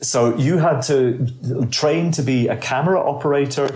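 A man's voice: medium pitch, moderate pace, darkish tone. Man in his sixties telling stories. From Scotland. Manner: long anecdotal answers with wry asides. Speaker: guest. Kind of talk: conversational interview storytelling. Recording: roomy echo.

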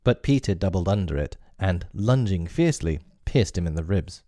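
A man with a very low, mellow voice reads a classic story aloud in a measured, expressive narration. The recording is dry and close, with no room sound and no echo.

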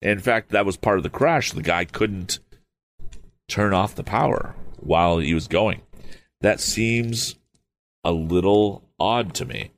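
A man's voice: low voice, a little slow. A man reading an old novel aloud, stopping for hesitant, apologetic asides. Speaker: audiobook reader.

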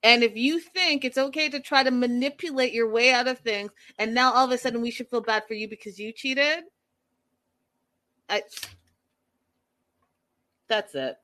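Woman host, casual reaction commentary, exasperated and emphatic, voice on the higher side. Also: normal speed, long pauses, bright, forceful tone. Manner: emphatic, exasperated, repeats points.

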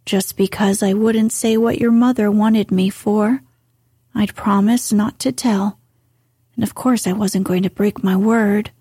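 A proud, sulky young gentleman , as a woman reader puts him on, speaking in a soft whispered role-play. The voice is breathy and dark, and it moves slowly and gently like a storybook read aloud. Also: medium pitch, steady tone, dry recording, clean studio sound.

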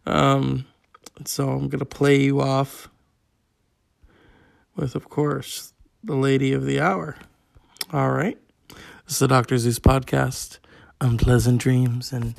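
Gravelly guy doing a solo podcast, slow and rambly, cussing a lot. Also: mid-range voice, a little mellow. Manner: profane, rambling, with frequent fillers. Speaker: podcast host. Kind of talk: casual solo podcast monologue.

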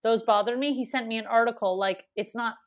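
A woman's voice: a little high, fairly quick. A woman in her thirties chatting casually, rambling through stories with lots of fillers. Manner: rambling, animated storytelling with many fillers. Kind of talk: casual chat.

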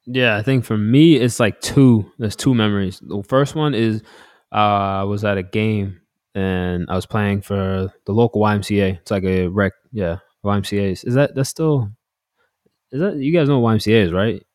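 A man from Delaware telling youth sports stories in a casual chat, acting out shouted quotes. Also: on the low side, moderate pace, no echo, studio quality. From Delaware, United States. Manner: animated storyteller, acts out loud quotes.

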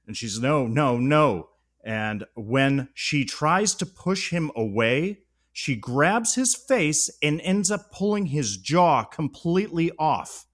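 A man hosting a podcast, retelling a film's plot with enthusiasm and dropping low and solemn for the sad parts. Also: a bit bright. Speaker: podcast host.

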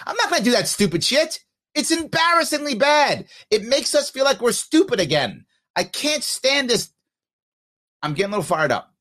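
A man's voice: very high-pitched, very animated, brisk, a bit bright. A man with a New York accent, hosting a podcast and giving blunt, scornful live commentary over clips of a speech. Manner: blunt, scornful, heats up as he talks.

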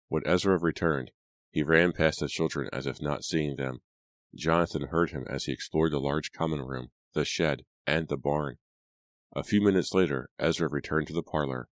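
A male audiobook narrator with an extremely low, deep voice, telling a spooky tale at a measured, dramatic pace. The recording is close and dry, with no room echo.

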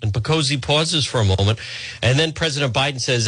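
A man hosting a talk radio show, delivering a sardonic, mocking monologue and often clearing his throat. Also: medium pitch, animated, fairly quick, a bit bright, dry recording.

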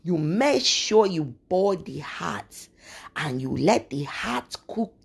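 Woman doing a hushed African braider. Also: extremely low pitch, a little slow, heavily acted. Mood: earnest advice. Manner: quiet, earnest, plain broken English. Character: soft-spoken African woman hair braider giving advice.

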